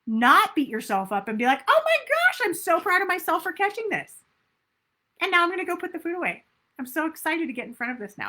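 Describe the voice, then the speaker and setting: A woman weight loss coach giving an upbeat, emphatic motivational talk and acting out inner self-talk. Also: on the high side.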